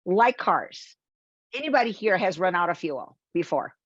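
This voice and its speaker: A woman's voice: on the low side, moderate pace, breathy edge, dry recording, muffled recording. A woman from Brazil giving a motivational sales webinar, talking straight to her audience with rhetorical questions. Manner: animated, addresses audience directly, rhetorical questions. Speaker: webinar presenter.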